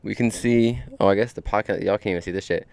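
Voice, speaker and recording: A man's voice: on the low side, fast talker, creaky, a little mellow, clear, resonant tone, no room sound. A young man hosting a podcast outdoors on a deck, telling a story in a laid-back way full of swearing and fillers. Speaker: podcast host. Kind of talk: casual storytelling monologue.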